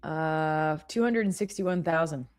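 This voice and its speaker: A woman's voice: low voice, measured pace, clean tone, faint music behind. A woman co-hosting a live trading stream, chatting casually, laughing and cheering her trades on.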